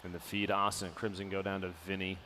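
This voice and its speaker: A man's voice: sits low, completely flat delivery, quick pace, sharp tone. A man giving analytical color commentary at an esports tournament, quoting scores and rules. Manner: analytical, stat-focused, calls the numbers.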